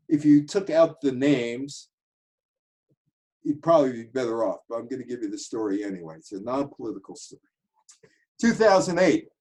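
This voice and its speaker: A man telling anecdotes, animated and switching voices for quotes. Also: mid-range voice, poor audio. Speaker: commentator telling stories. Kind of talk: casual storytelling monologue.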